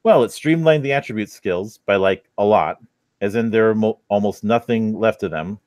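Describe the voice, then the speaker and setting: A man's voice: lowish voice, moderate pace, a little mellow, no echo. A man hosting a casual podcast, reading a review aloud and mocking it with crude sarcasm. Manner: sarcastic, profane, heckles as he reads.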